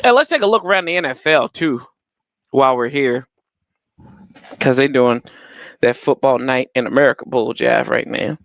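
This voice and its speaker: A young man hosting a live watch-party stream, chatting casually with his viewers and laughing loudly. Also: mid-range voice, normal speed, vocal fry, long pauses, no room sound, studio quality. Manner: animated, laughs loudly, talks to chat.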